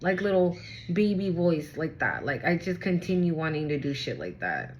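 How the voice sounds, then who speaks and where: A woman's voice: deep voice, very animated, normal speed, highs cut off, a little hiss or hum. A woman giving a casual tarot reading, talking straight to her viewers. She is blunt and swears freely. She drives each point home by repeating it and tagging on "right?". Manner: blunt and profane, repeats phrases for emphasis; asks "right?" again and again. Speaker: tarot reader.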